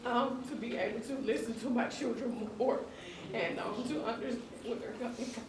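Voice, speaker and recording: A woman's voice: on the high side, steady tone, moderate pace, crowd noise. A mother speaks sincerely and apologetically at a community forum. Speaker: mother in audience. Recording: echoey hall, distant mic.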